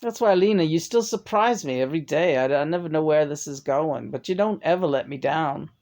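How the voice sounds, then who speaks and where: A man in casual chat, talking in a gentle and affectionate way. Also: on the high side, fairly quick.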